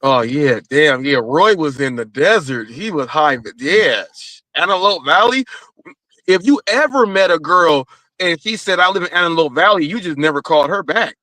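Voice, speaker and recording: A man's voice: on the high side, expressive, normal speed, pushed and bright, dry recording. A man from Southern California joking around in a slangy, casual chat. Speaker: guest.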